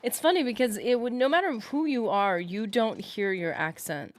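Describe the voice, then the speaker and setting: A woman's voice: on the high side, lively intonation, normal speed. A woman streaming a game live, chatting casually and thinking aloud as she answers her viewers. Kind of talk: casual live-stream chat while gaming.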